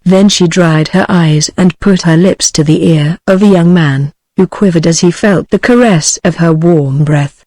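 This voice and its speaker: A synthetic woman's voice with a British English accent, reading a classic novel aloud in an even, steady manner. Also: lowish voice, unhurried, few pauses, no room sound. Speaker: audiobook narrator. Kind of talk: synthetic audiobook narration.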